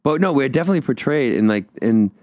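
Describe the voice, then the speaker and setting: A man's voice: medium pitch, expressive, fast talker, a little mellow, dry recording. A young man with a Boston accent, hosting a radio show and telling rambling stories in casual banter. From Boston area. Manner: rambling storyteller with many restarts.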